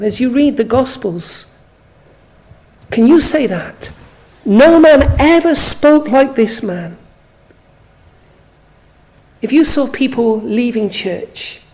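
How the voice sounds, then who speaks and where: A woman preaches a sermon at a slow, unhurried pace. Her voice is mellow and a little high, and she turns often to earnest questions for the listener. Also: rough recording.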